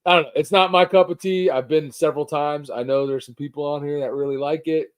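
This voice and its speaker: Man, casual chat, joking, teasing, relaxed swearing, live stream co-host. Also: on the high side, fairly quick, clean tone.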